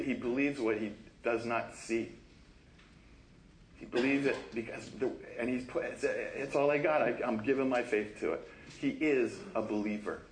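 A man preaching a sermon in a conversational, animated way, acting out quoted voices and laughing often. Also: medium pitch, roomy sound, a little hiss or hum, poor audio. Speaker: pastor. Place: church sanctuary.

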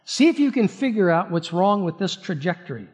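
A pastor preaching a sermon in an animated way, often repeating words and restarting. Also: male voice, high-pitched, fairly quick, breathy edge.

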